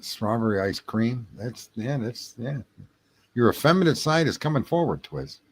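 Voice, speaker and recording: Late at night, a livestream host with a mid-range, expressive voice reads his chat and jokes around with viewers at a moderate pace. His talk is rambling, casual, and full of profanity.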